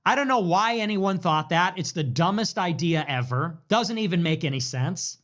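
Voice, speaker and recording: A man rants about politics in a high voice that leaps up and down. He turns sarcastic and profane, then drops into muttered asides. The replayed video sounds dull and lo-fi. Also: lively intonation, moderate pace, fairly bright tone. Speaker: political commentator. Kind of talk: rambling ranting commentary.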